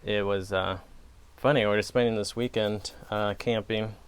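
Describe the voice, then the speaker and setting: Smooth low-voiced Wisconsin man rambling. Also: fairly even intonation, normal speed. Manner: rambling, digressive, laughs at himself. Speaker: pipe-smoking channel host. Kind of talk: casual vlog chat.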